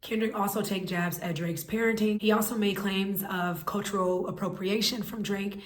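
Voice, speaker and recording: A woman's voice: on the low side, echoey room, slight background noise. A woman hosting a scripted commentary, giving her opinionated, analytical take. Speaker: commentary host.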